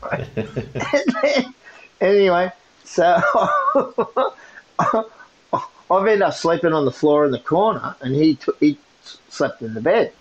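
A man's voice: on the high side, slow, pauses often. A man telling a story in a casual chat, laughing often as he goes. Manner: laughing often, animated retelling. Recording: muffled lo-fi sound.

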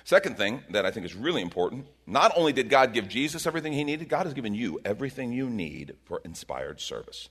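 A man preaching a sermon as pastor, energetic, dramatizing inner voices. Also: fast, hardly any pauses. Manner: animated, rising and dropping in pitch and volume.

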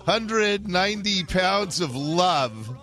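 Male radio host, fifties, excitable, joking, animated. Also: sits high, slow, faint music behind. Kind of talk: radio talk show chat.

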